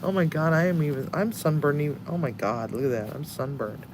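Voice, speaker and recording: Here the cooking channel host sounds animated, his voice a little high and his pace fairly quick, with noise in the background. He's tired but chatting casually, laughing often and swearing from time to time.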